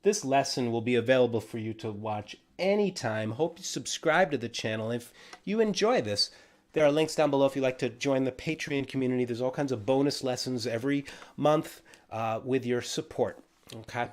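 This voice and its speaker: A man teaching a ukulele lesson on a livestream, relaxed and encouraging, counting out beats as he explains. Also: medium pitch, normal speed. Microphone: livestream camera mic.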